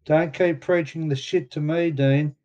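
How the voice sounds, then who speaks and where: A man's voice: on the high side, steady tone, measured pace, darkish tone, lightly acted. A man with an Australian accent reading the lines of a blunt, swearing middle-aged father. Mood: scolding.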